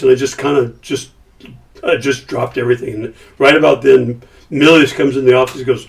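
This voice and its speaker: An older man talks through a long anecdote in an easygoing, lively way. His voice sits in a middle pitch and slips into the characters he quotes. The mic picks him up from a little distance. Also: brisk, vocal fry. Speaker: podcast guest. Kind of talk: casual storytelling.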